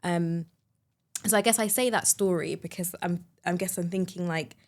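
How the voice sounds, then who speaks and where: A woman hosting a podcast, a mother telling a personal story in a chatty, animated way. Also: fairly low pitch, moderate pace. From United Kingdom. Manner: chatty, animated storyteller, many fillers and restarts. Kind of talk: conversational storytelling.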